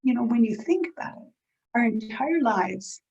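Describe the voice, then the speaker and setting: A middle-aged woman speaking earnestly to an audience about caregiving, reflective, with pauses and restarts. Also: fairly high pitch, animated, gravelly, a little mellow. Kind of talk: heartfelt talk to an audience. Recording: dull lo-fi event recording.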